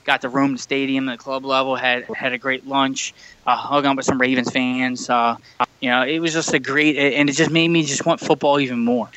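Man, rambling podcast storyteller, lots of fillers, tense bright tone, dry close mic. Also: mid-range voice, fairly even intonation, moderate pace, smooth, no echo, dull audio. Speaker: podcast co-host. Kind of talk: casual chat. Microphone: remote call mic.

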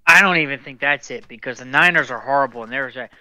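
Bright, tense man rambling about football. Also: medium pitch, fast, no echo. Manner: rambling, restarts often, says "dude". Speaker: sports podcast host. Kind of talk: casual sports talk. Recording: dull lo-fi dry recording.

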